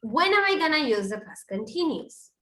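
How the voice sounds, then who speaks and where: Bright-voiced woman teaching English grammar. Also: high-pitched, big pitch swings, moderate pace, reverberant, poor audio. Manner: explains step by step with examples. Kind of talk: online grammar lesson.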